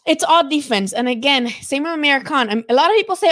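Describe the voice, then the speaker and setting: A woman's voice: high-pitched, expressive, fast talker, fairly bright tone. A woman hosting a live boxing talk stream, chatting casually and animatedly, swearing freely and filling with "like" and "you know". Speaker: boxing show host.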